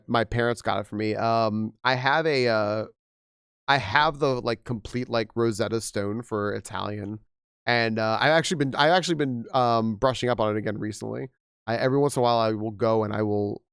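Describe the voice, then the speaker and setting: On a game stream, a young man chats casually, rambling and animated with frequent restarts, his voice slightly hoarse from losing it. It's a medium-pitched voice, recorded at studio quality with no echo, in a relaxed live-stream chat.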